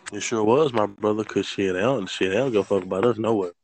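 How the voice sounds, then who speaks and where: A man's voice: fairly low pitch, quick pace, darkish tone. A man co-hosting a podcast, chatting in a laid-back, agreeable, profane way. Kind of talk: casual chat.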